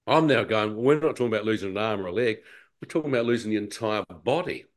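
A man giving an animated, slangy personal testimony as a guest. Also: lowish voice, quick pace. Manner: animated storyteller, acts out his own thoughts, slangy. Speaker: guest telling a near-death testimony.

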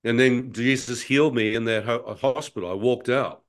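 A man in his sixties with a New Zealand accent tells his testimony at a middling pitch. He speaks emphatically and stumbles into quick restarts as he goes. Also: steady tone. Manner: emphatic storyteller with frequent stammered restarts. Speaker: guest. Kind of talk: personal testimony in an interview.

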